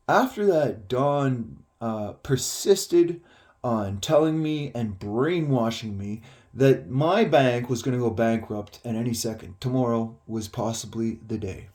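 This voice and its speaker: A man's voice: mid-range voice, animated, a little slow, darkish tone. A man telling a personal story in a casual, rambling way, full of filler words and swearing.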